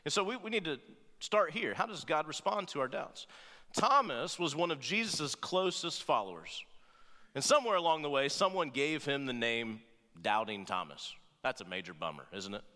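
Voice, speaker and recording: Bright-voiced pastor preaching in a big hall. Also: male voice, a little high, big pitch swings, normal speed. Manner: conversational, with frequent "right?" asides and playful asides. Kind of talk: sermon. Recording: long reverb of a large hall.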